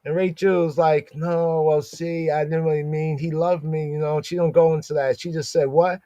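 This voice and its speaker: A man teaching scripture in a relaxed, conversational way, reading passages and then voicing the people in them with animated emphasis. His voice sits a bit high for a man. The sound is dry and close, with little room echo. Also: moderate pace. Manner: conversational, animated, reads verses and acts out the characters. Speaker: Torah study teacher.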